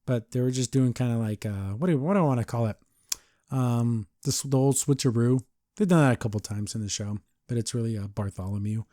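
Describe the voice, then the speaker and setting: A man in a casual podcast recap, talking in loose, rambling runs full of "like" and quick acted-out bits of dialogue. His voice sits at an ordinary middle pitch. The sound is dry and close, with no room around it. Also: warm tone, no echo. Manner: rambling, heavy use of "like", acts out quotes. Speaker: podcast reviewer.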